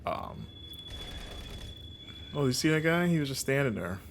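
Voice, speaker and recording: A man from Florida with a non-regional American accent, chatting casually while streaming gameplay and reacting out loud to what happens. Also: medium pitch, big pitch swings, measured pace, gravelly, slight background noise. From Florida, USA. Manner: chatty, rambling, reacts aloud to the game.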